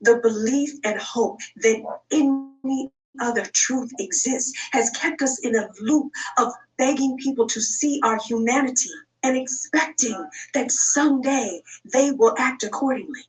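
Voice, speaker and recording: Woman, prepared commentary, serious, measured, distant mic. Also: sits high, soft background music. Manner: measured, firm, serious delivery.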